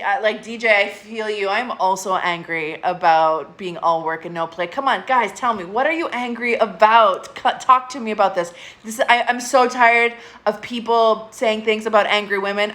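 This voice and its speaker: A woman's voice: medium pitch, pushed and bright. Candid, swearing woman on a live stream. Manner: candid, swears often, urges viewers to comment. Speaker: therapist hosting a live stream. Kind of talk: casual live-stream chat with viewers.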